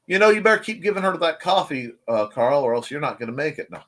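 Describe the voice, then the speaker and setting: A man's voice: a little high, very animated, quick pace, fairly bright tone. A man hosting a casual live morning stream, rambling through chat greetings with jokey, self-deprecating asides. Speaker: host of a live morning show.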